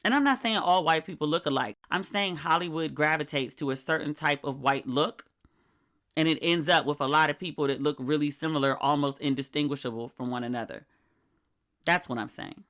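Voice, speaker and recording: A woman's voice: low-pitched, brisk. Middle-aged woman, podcast host, casual solo chat, frank and chatty, mimics friends when quoting them. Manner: chatty, candid, acts out quoted friends in animated voices.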